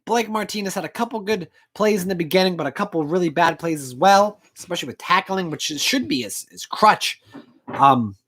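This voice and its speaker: Low-voiced angry woman ranting. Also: a little fast, fairly bright tone, husky. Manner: angry, profane and emotional. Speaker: sports fan vlogger. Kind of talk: postgame rant. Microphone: home recording setup.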